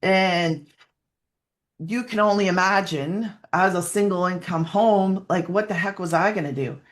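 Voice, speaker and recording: A woman's voice: lowish voice, measured pace. A woman giving a rambling, heartfelt personal testimonial as a webinar guest over a video call, sometimes close to tears.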